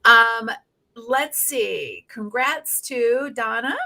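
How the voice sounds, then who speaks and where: A woman's voice: a little high, animated, drawn-out words, gravelly, pushed and bright. A woman with a Southern accent hosting a casual interview, chatty and folksy, with plenty of fillers. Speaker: host.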